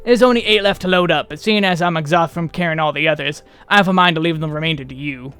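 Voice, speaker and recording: A man doing a gruff, weary rustic corpse hauler. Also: on the high side, quick pace, bright, forceful tone. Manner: drawling, coarse, rustic speech.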